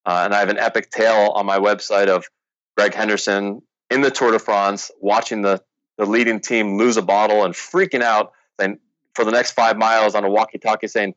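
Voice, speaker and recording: A man's voice: lowish voice, fairly even intonation, normal speed, fairly bright tone, no echo, highs cut off. A man telling the story of the company he founded in a casual interview, rambling and full of fillers. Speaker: founder of a sports drink company.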